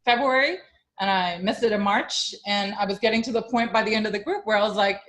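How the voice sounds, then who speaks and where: In an interview, a young woman who coaches fitness shares her story fairly quickly, her mid-range voice a bit bright. She chats with lots of fillers, growing steadily more emotional and eventually tearful.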